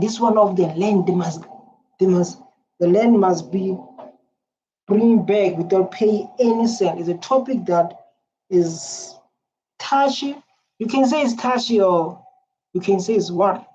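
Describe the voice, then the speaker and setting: A South African woman giving excited, repetitive commentary as a reaction video host, halting with fillers. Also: medium pitch, a little hiss or hum. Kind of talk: casual commentary. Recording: dull lo-fi sound with faint ambience.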